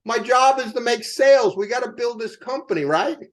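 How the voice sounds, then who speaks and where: An older man with a high-pitched voice delivers a motivational sales talk. He tells it as a lively story and keeps asking his listeners rhetorical questions. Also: a little fast. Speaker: company co-founder speaking to sales team.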